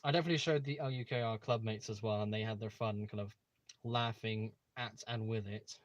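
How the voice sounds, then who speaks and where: A man's voice: fairly low pitch, fairly even intonation, brisk, no room sound, lo-fi sound. Eager rambling young man on a livestream. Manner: rambling, eager, with many fillers and restarts. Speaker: livestream host. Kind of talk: casual live-stream chat. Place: room at home.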